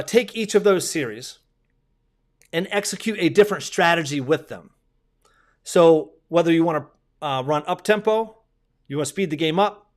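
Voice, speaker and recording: A male basketball coach giving a clinic lecture in a conversational way, repeating himself and restarting sentences often. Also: a little high.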